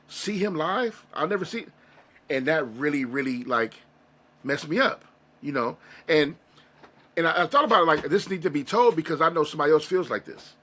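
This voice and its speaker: Casting: male interview guest, higher pitch, forceful bright tone, earnest and rambling. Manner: earnest, rambling, emotional storytelling with many restarts. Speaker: interview guest, music reaction creator. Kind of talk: casual interview conversation.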